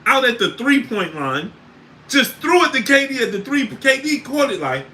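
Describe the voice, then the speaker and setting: Animated male sports livestream host. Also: very high-pitched, normal speed, poor audio. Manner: animated, loud bursts of disbelief, reads chat names. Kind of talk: casual livestream chat.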